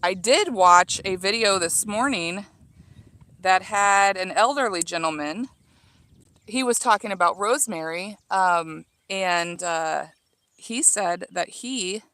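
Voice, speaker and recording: A woman in her thirties from Illinois chats with viewers as she trims her garden herbs, rambling along with plenty of ums and restarts. Her voice sits at a medium pitch. The sound is dry and close, with no room echo. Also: a bit bright. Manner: chatty, reading out viewer comments, many fillers and restarts. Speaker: livestream gardening host. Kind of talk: casual livestream chat while gardening. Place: outdoor home garden.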